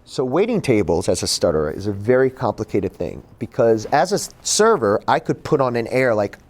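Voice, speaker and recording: A man giving a personal storytelling talk at a bookstore event, animated and acting out the voices he quotes. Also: mid-range voice, a little fast. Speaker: author and speaker.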